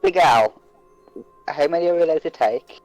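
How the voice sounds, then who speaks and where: A man's voice: a little high, normal speed, no room sound, soft background music, low-quality recording. A man playing in an online tabletop game, joking around playfully and asking the game master questions. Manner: playful, jokey, animated. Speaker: player. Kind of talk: casual tabletop play. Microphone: online voice call.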